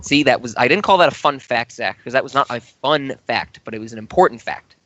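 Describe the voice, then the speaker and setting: A man's voice: medium pitch, expressive, brisk, a bit bright, no room sound, lo-fi sound. A man co-hosting a casual film podcast, rambling and teasing his co-host.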